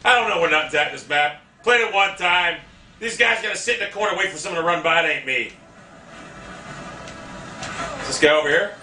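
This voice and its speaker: A man giving live gameplay commentary, cursing and trash-talking opponents, often bursting into angry shouts. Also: on the high side, a little fast, long pauses, roomy sound, distant mic, slight background noise.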